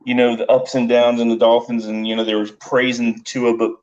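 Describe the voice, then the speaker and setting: A man's voice: medium pitch, flat delivery, brisk, lo-fi sound. A man talking as a guest on a sports podcast, wry and amused, hesitating with lots of fillers. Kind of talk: casual sports podcast chat.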